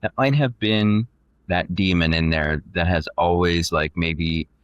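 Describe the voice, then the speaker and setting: Deep-voiced man telling a race story. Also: unhurried, smooth, no room sound, highs cut off. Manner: animated, quoting himself and others, frequent fillers. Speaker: podcast guest. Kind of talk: casual storytelling.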